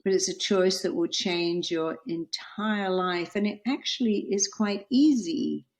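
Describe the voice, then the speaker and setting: A woman's voice: medium pitch, measured pace, low-quality recording. A woman with a British accent, a therapist talking as a podcast guest, giving earnest, emphatic advice and stories. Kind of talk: conversational advice.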